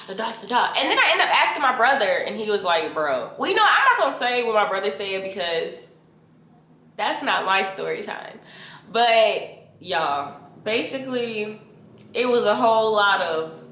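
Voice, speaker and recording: A young woman, telling a story to her viewers in a casual, animated and slangy way. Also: medium pitch. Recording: roomy echo.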